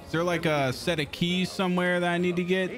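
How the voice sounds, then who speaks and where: A young man casually commenting on his gameplay as a streamer, excitable and swearing often. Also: high-pitched, brisk, soft background music.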